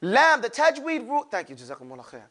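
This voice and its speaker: A man's voice: extremely high pitch, wildly swooping pitch, fast, a bit bright. A man teaching a classroom lesson, drawing out sounds for students to repeat and adding playful asides. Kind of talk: classroom lesson with call-and-response drills.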